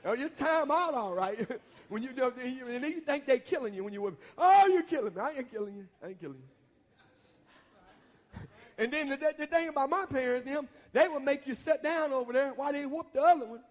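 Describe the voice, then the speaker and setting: A middle-aged man preaching a sermon, folksy and quick to laugh, often asking the congregation questions. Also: very high voice, lively intonation.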